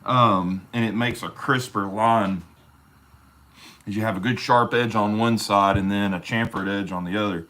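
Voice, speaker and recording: Guy, lowish voice, rambling folksy livestream chat while he does leather work, calls everybody brother. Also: normal speed, pushed and bright.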